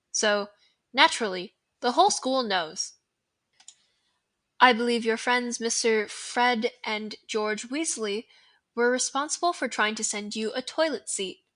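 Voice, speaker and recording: A young woman voicing a kindly old headmaster who speaks in a calm, genteel, gently teasing way. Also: on the high side, moderate pace, natural voice. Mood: amused.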